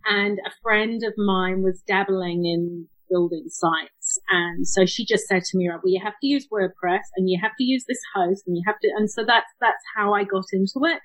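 A woman's voice: mid-range voice, highs cut off. A woman from England with a northern English accent tinged with New Zealand, a guest chatting in an interview, with frequent small restarts. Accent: northern English, slightly New Zealand. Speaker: guest, web developer. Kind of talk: casual interview chat.

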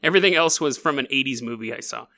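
A man hosting a paranormal news podcast, telling stories in an animated, jokey way and acting them out. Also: medium pitch, rapid-fire, vocal fry. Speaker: podcast host. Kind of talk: comedic paranormal news monologue.

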